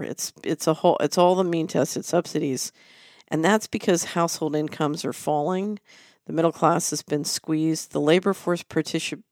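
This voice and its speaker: Male host, solo commentary; earnest and pointed, slightly high pitch, close dry sound. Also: a little mellow, no echo. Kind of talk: solo commentary on markets and politics.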